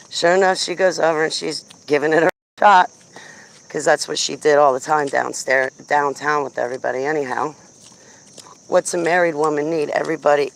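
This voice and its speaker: A gravelly, low-voiced woman vlogs outdoors on a handheld phone as she walks her dog. She rambles through a story in a blunt, chatty, casual way.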